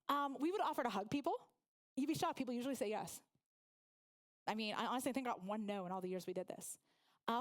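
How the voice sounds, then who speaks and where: A woman in her forties from Oklahoma giving a humorous motivational speech, telling stories and laughing along with the audience. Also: high-pitched. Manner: lively storytelling, laughs with the audience. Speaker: guest speaker.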